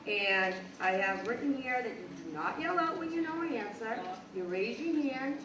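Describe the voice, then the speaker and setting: A woman's voice: a little high, animated, normal speed. A woman teacher praising young students one by one at a school assembly. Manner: warm praising, addressing young children. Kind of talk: award presentation at a school assembly. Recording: echoey hall, distant mic, crowd noise.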